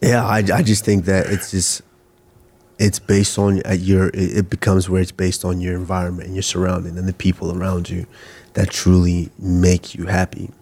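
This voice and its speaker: A man's voice: deep voice, monotone, normal speed, darkish tone, slightly rough. A man from Nigeria, a guest on a podcast, talking in a thoughtful, easygoing way, often restarting phrases as he thinks. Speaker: guest, fighter. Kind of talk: casual interview chat.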